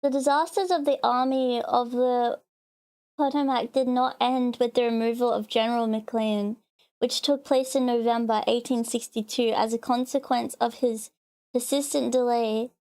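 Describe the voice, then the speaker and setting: A woman's voice: on the high side, steady tone, moderate pace, a little mellow. A woman streamer reading a historical text aloud on a livestream, earnest with small stumbles between chatty reactions.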